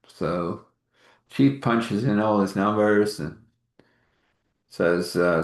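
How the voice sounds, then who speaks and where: Low-voiced man telling a rambling story. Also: echoey room. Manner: rambling, halting, with fillers and restarts. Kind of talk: casual improvised storytelling.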